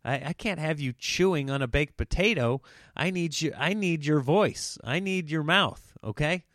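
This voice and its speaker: A man's voice: a little high, moderate pace, a bit bright, no room sound, clean studio sound. A man hosting a casual solo podcast, telling comic stories and breaking into exaggerated voices for quoted people. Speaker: comedian podcast host.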